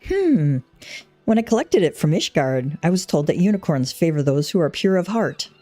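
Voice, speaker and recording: A flustered young horse handler, put on by a woman reading game text, pitching up high and exasperated in formal, archaic speech. The voice swings widely and stays soft-toned. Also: big pitch swings, moderate pace, faint music behind. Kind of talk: read-aloud game dialogue.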